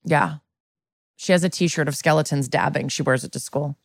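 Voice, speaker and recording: Giggly woman co-host, lowish voice. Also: normal speed, no echo, clean studio sound. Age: adult, a mother. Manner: laughs often, short chatty asides. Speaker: podcast co-host. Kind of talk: casual chat.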